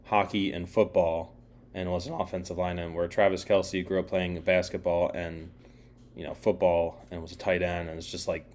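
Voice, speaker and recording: A man's voice: low-pitched, little pitch movement, moderate pace, a little mellow, slight background noise. A young man co-hosting a casual sports podcast, rambling with lots of fillers and swearing. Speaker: podcast co-host.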